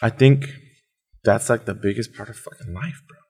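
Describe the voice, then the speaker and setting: A man hosting a podcast in casual chat, animated and profane, acting out quoted dialogue. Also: fairly low pitch, moderate pace, breathy edge. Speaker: podcast host.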